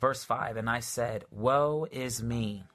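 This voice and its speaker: A man reads scripture in a live-streamed sermon at a medium pitch with a fairly bright tone. He draws out his words with fervor and keeps repeating his phrases.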